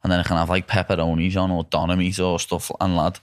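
A man's voice: sits low, flat delivery, fast, clean tone. A young Scouse man hosting a casual chat, swearing freely and saying "lad" a lot. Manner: swears freely, says "lad" and "know what I mean" often. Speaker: podcast host, fighter.

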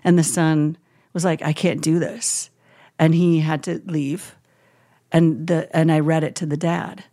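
Hospice chaplain, woman, gentle reflective co-host, lower register, dry studio mic. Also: flat delivery, measured pace, no echo. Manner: gentle, reflective, acts out quoted phrases softly. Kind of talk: casual podcast chat.

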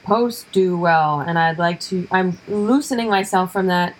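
A young woman comedian co-hosting a podcast, ranting emphatically in casual chat and chiming in with quick agreement. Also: on the low side, rough recording.

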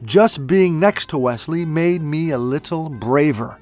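A man narrating a children's storybook in a gentle, playful read-aloud. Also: fairly high pitch, expressive, a little slow. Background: faint music.

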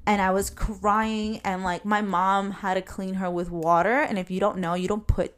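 A woman's voice: mid-range voice, flat delivery, normal speed, clear, resonant tone. A young woman hosting a casual solo podcast from her bedroom, rambling and chatty with plenty of fillers and laughs. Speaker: podcast host.

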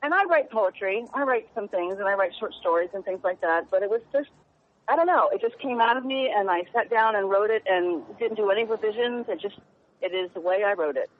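A woman journalist speaking earnestly and emotionally as a guest in a radio interview, halting now and then. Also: medium pitch, expressive, a little hiss or hum. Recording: tinny phone line.

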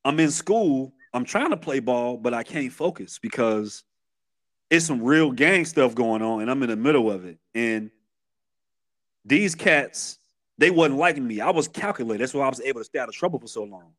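A Chicago man in his thirties, speaking with a local accent, appears as a podcast guest recounting his past in candid, streetwise stories full of restarts. His mid-range voice moves at normal speed with lively intonation.

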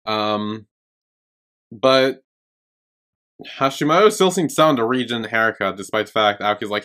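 A man co-hosting a podcast in relaxed casual chat, hesitant and easygoing. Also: fairly low pitch, a little slow, long pauses. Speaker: podcast co-host.

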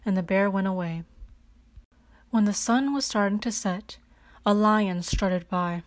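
Calm woman reading a storybook aloud. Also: mid-range voice, a little slow.

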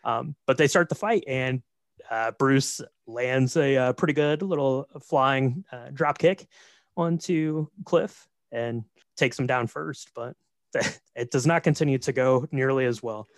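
A man co-hosting a casual film podcast, retelling the plot in a relaxed way with fillers. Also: mid-range voice, measured pace, no room sound, clean studio sound. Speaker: podcast co-host. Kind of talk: casual film recap chat.

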